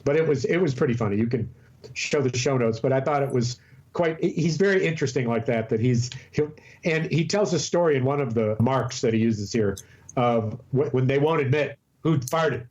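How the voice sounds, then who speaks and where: A man co-hosting a podcast, telling a funny story in casual, jokey chat. His pitch sits in a middle range. The recording sounds a bit dull and muffled. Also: moderate pace, a little mellow. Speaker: podcast co-host.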